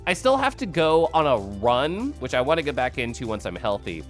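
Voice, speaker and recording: A man from the Midwest, hoarse, chatting casually and profanely on a livestream. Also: medium pitch, sing-song, brisk, a bit bright, soft background music. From American Midwest. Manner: loose, profane and chatty with frequent laughs. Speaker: streamer.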